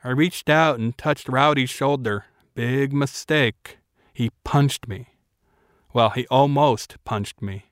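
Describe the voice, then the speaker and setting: A man narrating a novel in a measured, quiet storytelling manner. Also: medium pitch, clean tone, no room sound, clean studio sound. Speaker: audiobook narrator. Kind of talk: scripted narration.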